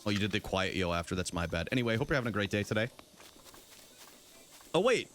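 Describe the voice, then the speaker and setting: A man's voice: fast talker, a little hiss or hum. A young man streaming a game live, chatting casually and goofily with his viewers. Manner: goofy, banters with chat, animated swings in pitch. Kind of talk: casual live gameplay chat.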